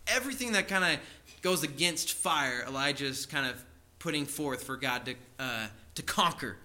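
A man's voice: medium pitch, expressive, moderate pace, pushed and bright. A male preacher retelling a scripture story in a conversational sermon, with frequent asides to his listeners.

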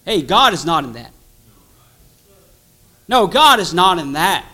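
Man, pastor, sermon, very high voice, bright tone, emphatic, repetitive. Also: very animated, a little slow, breathy edge, soft background music, rough recording. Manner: emphatic, repetitive, conversational preaching.

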